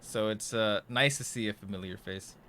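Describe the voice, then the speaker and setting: A man's voice: fairly low pitch, normal speed, sharp tone, slight background noise. A young man casually chatting to viewers while playing a horror game live, jittery and nervous, often trailing off into mumbles. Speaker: livestreamer.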